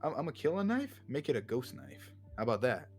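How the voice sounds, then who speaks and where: A man's voice: mid-range voice, big pitch swings, fast talker, music in the background. A man hosting a podcast in casual chat, teasing his co-hosts and hyping them up. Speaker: podcast host.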